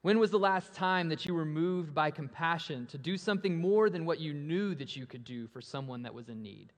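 A man preaching a sermon, asking rhetorical questions that swell and then drop to a hush, and animated when he acts out story voices. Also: fairly high pitch, moderate pace. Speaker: pastor. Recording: long reverb of a large hall.

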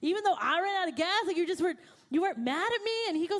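A woman's voice: very high voice, fast talker. A young woman preaching a sermon, telling a personal story and acting out her own panicked thoughts. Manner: animated, acts out her own panicked quotes. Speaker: pastor.

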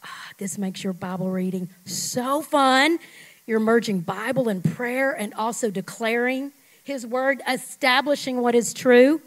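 A woman's voice: on the high side, a little slow, poor audio. Emphatic woman pastor preaching. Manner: emphatic, swings from loud to hushed; call-and-response with congregation. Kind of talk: sermon.

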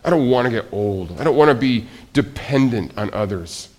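A middle-aged man of medium pitch gives a sermon as pastor at a moderate pace. His delivery veers from quiet, whispery asides to loud excitement, and he restarts his phrases a lot.

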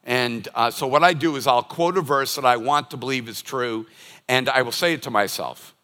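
A man's voice: medium pitch, moderate pace, pushed and bright. An older man preaching a sermon as a pastor, telling stories and acting out everyday scenes. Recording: long reverb of a large hall.

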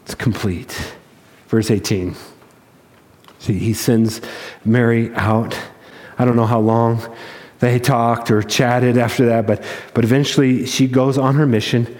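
A man's voice: mid-range voice, unhurried, big-room sound. A man preaching a sermon in an emphatic storytelling manner. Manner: storytelling, emphatic, rises to excitement.

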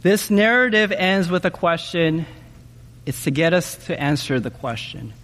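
A man preaching a sermon in an animated way, often asking his listeners questions and checking in with them with "okay?". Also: fairly high pitch, measured pace, long reverb tail. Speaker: pastor.

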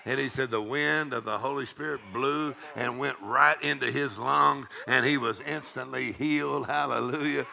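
A middle-aged man preaching a charismatic sermon, breaking into loud shouts and rhythmic laughter. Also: mid-range voice, fairly even intonation, normal speed, creaky, hardly any pauses.

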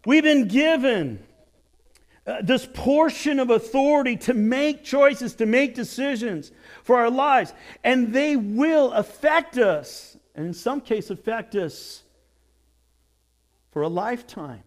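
Guy pastor preaching, high voice, lively storyteller, jumps around in pitch a lot. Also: slow pace. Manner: animated storytelling with acted quotes and jokes. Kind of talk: sermon.

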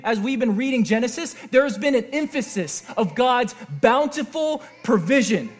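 A man preaching a sermon as pastor, animated and asking his listeners questions. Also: very high-pitched. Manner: animated, asks the audience questions.

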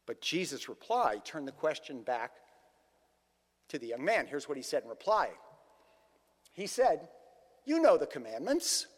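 Male pastor, conversational storyteller, very animated pitch. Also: measured pace, pauses often, breathy edge, long reverb tail. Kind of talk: sermon.

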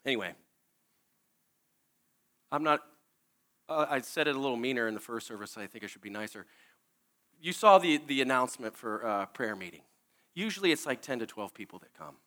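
A man's voice: medium pitch, expressive, fairly quick, pauses often, a bit bright. A man preaching a sermon, earnest and candid, at times tearful, often restarting his sentences.

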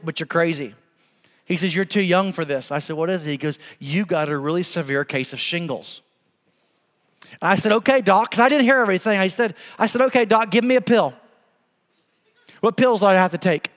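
A man's voice: sits high, a bit bright. A man in his forties preaching a sermon as pastor, telling a story with emphasis and laughing now and then. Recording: long hall reverb.

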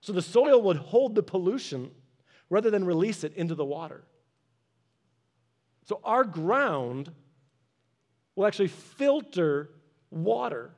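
A man with a high voice preaches a sermon as a pastor, working a personal story into it and urging listeners on with short, repeated commands.

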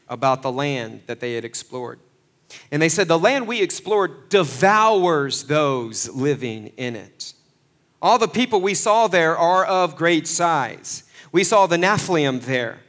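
A man preaching a sermon, swinging between loud, fervent passages and hushed asides, acting out the voices he quotes. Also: mid-range voice. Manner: acts out quoted voices with folksy phrasing. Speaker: pastor.

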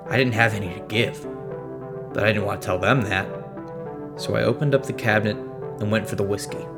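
Man narrating a story, steady voice. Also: fairly low pitch, fairly quick. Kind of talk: first-person storytelling narration. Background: faint music.

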